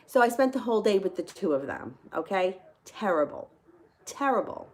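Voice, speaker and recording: A woman's voice: medium pitch, sing-song, normal speed. A woman hosting a tarot channel, telling a personal story casually and candidly, laughing often and swearing freely. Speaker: tarot reader and channel host.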